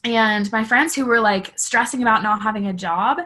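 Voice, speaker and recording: A woman's voice: on the high side, normal speed, sharp tone. A woman in her twenties, a teacher and coach, talking candidly on a video call with lots of fillers. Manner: chatty, filler-heavy, candid. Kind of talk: casual team call presentation.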